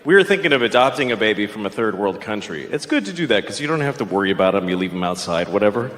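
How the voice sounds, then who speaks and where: On a club stage, this middle-aged man tears through a ranting, profane comedy routine at a quick pace, very animated and prone to shrill yelling bits. Audience noise comes through clearly, and the echoey room gives it a big-room sound.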